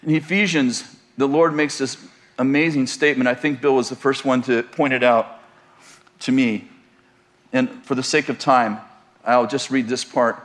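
A man's voice: mid-range voice, fairly even intonation, normal speed. A man preaching a sermon, telling a humorous story and often laughing as he goes. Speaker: pastor.

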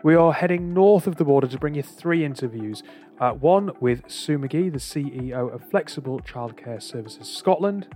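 A man's voice: fairly high pitch, animated, moderate pace, a little mellow, soft background music. Chatty podcast host, man. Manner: chatty, jokey banter. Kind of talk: casual chat.

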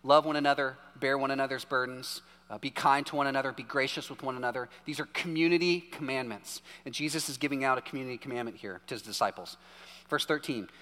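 A man's voice: medium pitch, quick pace, sharp tone. A man in his thirties preaching a sermon in a chatty storytelling way, often checking in with "right?". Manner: conversational storytelling, keeps asking "right?". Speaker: pastor. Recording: long hall reverb.

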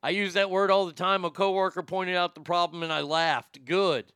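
A man's voice: high-pitched, steady tone, normal speed, bright, forceful tone, smooth, dry recording. A man co-hosting a podcast, rambling through news stories in crude, profane, casual commentary. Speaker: podcast co-host.

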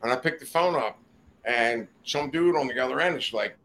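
A man's voice: mid-range voice, moderate pace, a bit bright, slight background noise. An older man, a podcast guest in a studio, telling rambling, profane stories in a casual chat. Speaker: guest storyteller.

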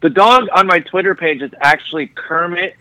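A man's voice: high voice, moderate pace, pushed and bright, dry recording, low-quality recording. A man speaking as a guest on a casual podcast, upbeat and laughing as he talks in bursts.

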